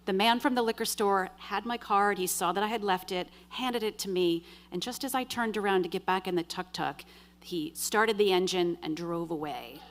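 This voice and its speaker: A woman telling a true story on stage in the first person, with dry, wry humor and lively quoted dialogue. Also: medium pitch, normal speed. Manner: vivid, animated retelling with quoted dialogue. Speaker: storyteller at a live show.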